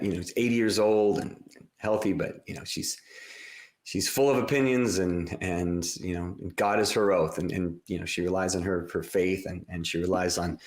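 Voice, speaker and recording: A man's voice: sits low, echoey room. A man hosting his podcast, talking about his book in a loose, rambling way full of fillers and restarts. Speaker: podcast host and author. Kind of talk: casual podcast talk.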